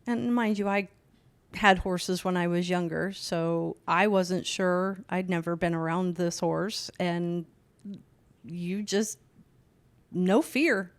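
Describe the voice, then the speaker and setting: An older woman, the host's mother, telling family stories in a casual chat and laughing along. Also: lowish voice. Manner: slow, laughing anecdotes. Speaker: podcast guest, host's mother.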